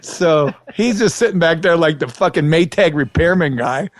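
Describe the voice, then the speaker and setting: A man with a slightly higher voice tells a rambling, profane story on a podcast. The sound is close and dry, with no room around it. His delivery is animated and full of swearing. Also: moderate pace, dry recording. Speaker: podcast co-host. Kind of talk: casual chat.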